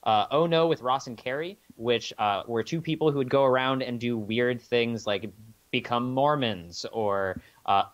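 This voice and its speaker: A man co-hosts a podcast, talking loosely with a lot of swearing and many ums and uhs. His voice sits at a middle pitch, and the recording sounds a little dull and lo-fi. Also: moderate pace. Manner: loose and profane, many fillers. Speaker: podcast co-host. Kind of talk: casual podcast chat.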